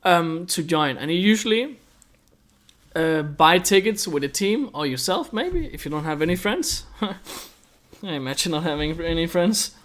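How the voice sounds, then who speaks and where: Chatty young airsoft vlogger. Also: male voice, fairly high pitch, sing-song, measured pace, fairly bright tone. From Denmark. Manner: rambling, chatty, lots of fillers. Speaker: airsoft YouTuber. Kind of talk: casual explainer vlog.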